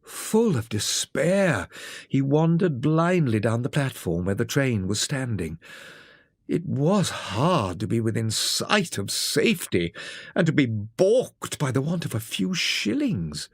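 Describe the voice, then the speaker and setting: Brief: storybook narrator, unhurried and very animated, dry close mic. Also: mid-range voice, slightly rough, no room sound. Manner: expressive, theatrical reading. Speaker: audiobook narrator.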